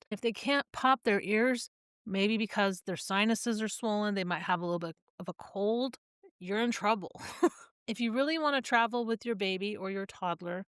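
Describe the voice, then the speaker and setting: A woman's voice: mid-range voice, a bit bright, clean tone, no echo, clean studio sound. A woman explaining plainly and practically why babies cry on planes and how to help. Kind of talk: giving travel advice.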